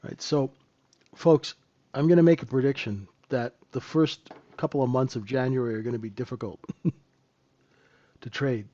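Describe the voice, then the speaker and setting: This one is mellow and steady: a mid-range male voice at normal speed, captured with lo-fi sound. The speaker is a trading instructor hosting a live session, casually teaching from charts and answering viewer questions as they arrive. He keeps things conversational and uses a rhetorical "right?".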